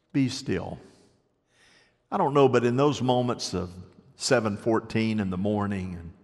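An older male pastor preaching a sermon, telling personal stories in an even, mid-pitched voice. He moves from lively, raised stretches down to soft, hushed ones. The sound carries a long hall reverb.

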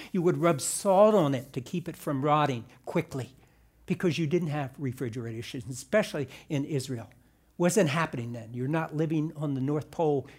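A man with a high-pitched voice delivers a sermon in a church. He speaks in a conversational way, tossing in asides, then rises and presses on the words he wants his listeners to remember. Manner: emphatic, rising on key words, conversational asides. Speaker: pastor. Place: church sanctuary.

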